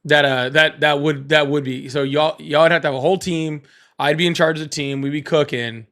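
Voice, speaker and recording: A man's voice: fairly high pitch, steady tone, brisk, fairly bright tone. A man hosting a casual livestream, rambling, repeating himself and laughing often. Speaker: livestream host.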